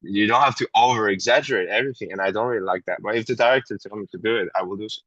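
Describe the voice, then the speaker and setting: A man with a French accent, a guest actor chatting candidly on a podcast, often pausing to search for words in English. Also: on the low side, fairly bright tone, no room sound, muffled recording. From France. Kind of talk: casual podcast conversation.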